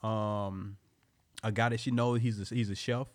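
A man with a Southern American accent co-hosting a podcast, chatting casually in a home garage with relaxed slang-filled storytelling. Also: fairly low pitch, a little slow, over a noisy crowd. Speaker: podcast co-host. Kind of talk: casual chat.

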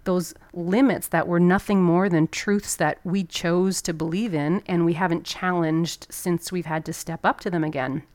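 A woman telling a personal story to make a motivational point, candid and animated, with casual swearing. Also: on the low side, normal speed, hardly any pauses, dry recording. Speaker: motivational speaker. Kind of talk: personal story told to an audience.

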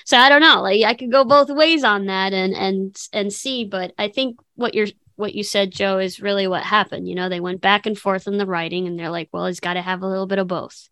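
A woman co-hosting a casual film podcast, talking in an animated way and acting out quotes in voices. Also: mid-range voice, moderate pace, hardly any pauses, dry recording, studio quality. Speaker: podcast co-host. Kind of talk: casual chat about films.

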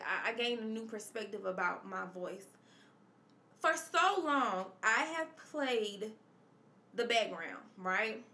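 A woman's voice: a little high, pushed and bright, roomy sound. A woman hosting a confessional podcast, speaking emphatically and repeating her points in a preacherly way. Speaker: podcast host. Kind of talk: personal confessional podcast monologue.

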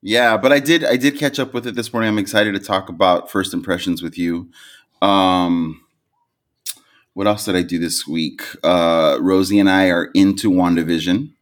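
Man, low voice, podcast co-host, casual chat, rambling, filler-heavy. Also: steady tone, normal speed. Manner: rambling, self-correcting, full of fillers.

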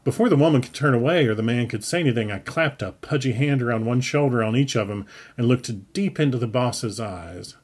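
A man reading his own story aloud in a wry, unhurried storytelling manner. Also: medium pitch. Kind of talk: audiobook narration.

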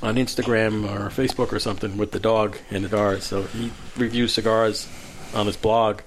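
A man's voice: fairly low pitch, level tone, moderate pace, a little hiss or hum. A man hosting a casual podcast chat with friends, telling stories and laughing often. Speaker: podcast host.

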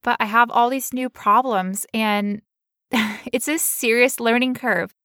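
A woman's voice: fairly high pitch, steady tone, a little slow, bright, forceful tone, dry recording, clean studio sound. A young woman co-hosting a podcast, talking candidly and emotionally, with frequent laughs. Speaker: podcast co-host. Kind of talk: personal, emotional podcast talk.

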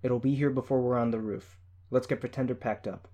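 A man's voice: medium pitch, fairly even intonation, a little fast, mellow, natural voice. A man reading a firm woman team leader. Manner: firm, tight.

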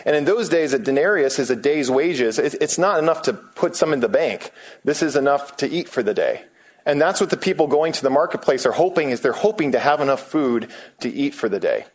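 A man of middle pitch preaching a sermon. He reads scripture passages aloud, then talks them through casually, with ums and restarts. When he quotes people, his voice rises. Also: lively intonation, brisk. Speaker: pastor.

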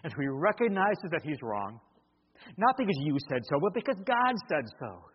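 A man's voice: a little high, sing-song, normal speed, a little hiss or hum. A man preaching a sermon to a congregation, acting out the voices of parents and children as he goes. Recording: muffled recording in a large reverberant hall.

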